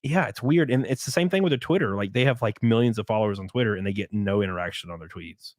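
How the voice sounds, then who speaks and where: A young man hosting a podcast, chatting casually with a guest, excitable and quick to joke and swear. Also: lowish voice, no echo, clean studio sound. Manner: excitable, swears a lot, jokes with mock voices. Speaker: podcast host. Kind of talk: casual chat.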